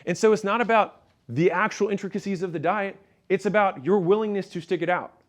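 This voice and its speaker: A man's voice: sits high, fairly quick. A man giving a motivational business talk in a punchy, storytelling way, speaking straight to his audience.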